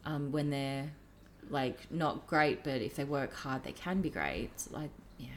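Low-voiced aussie teacher lady, earnest reflective chat, bit of hiss behind. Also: a little slow. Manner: earnest, reflective, with hesitant restarts. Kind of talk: casual chat.

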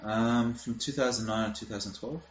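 A young Australian man in casual chat, animated and rambling, swearing freely. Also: mid-range voice, fairly quick. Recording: roomy, dull lo-fi sound with faint noise.

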